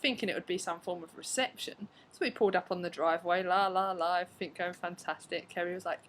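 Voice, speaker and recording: A young woman tells stories to her camera from home. Her voice sits a little low, and she keeps the talk loose and chatty, full of fillers and played-out reactions. A faint hiss hangs behind her. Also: fast, fairly bright tone, rough recording. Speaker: vlogger. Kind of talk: casual storytelling to camera. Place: at home, indoors.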